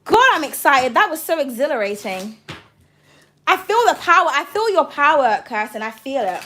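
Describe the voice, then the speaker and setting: Woman, tarot reader on a livestream. High, bouncy voice, gushing and excitable, casual swearing. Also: moderate pace, a little hiss or hum. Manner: bubbly and excitable, swears casually, calls viewers darling.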